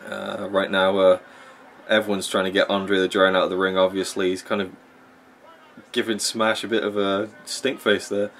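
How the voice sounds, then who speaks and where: A man's voice: deep voice, level tone, normal speed, a bit bright, slight background noise. A man ranting casually about wrestling as he watches a match, opinionated and rambling, with plenty of fillers. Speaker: wrestling vlogger.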